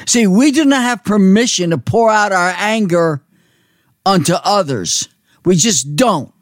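A man preaching a sermon, slow and emphatic, repeating phrases for weight. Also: high-pitched, no echo, studio quality.

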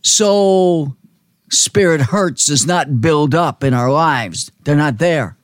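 Male preacher, sermon, slow deliberate delivery, slightly high voice, dry sound. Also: dry recording. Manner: slow, emphatic preaching with repeated phrases.

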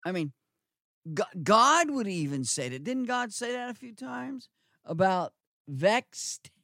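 A man's voice: sits high, very animated, takes it slowly, vocal fry, pushed and bright, dry recording, studio quality. A man preaching a sermon, repeating words for emphasis and asking the listeners rhetorical questions.

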